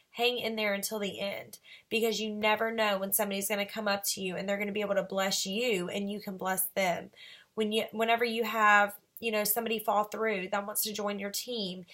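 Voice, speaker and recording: A woman's voice: mid-range voice, fairly bright tone. Earnest woman telling a story. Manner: earnest storytelling, quoting others. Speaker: direct sales team leader. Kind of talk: casual motivational vlog.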